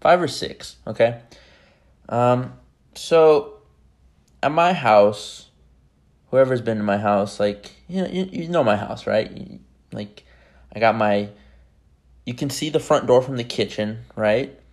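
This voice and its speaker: A man's voice: medium pitch, expressive, slow pace, pauses often, a little mellow. A man hosting his own podcast, talking casually and rambling with lots of fillers. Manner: rambling, chatty, many fillers. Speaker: podcast host.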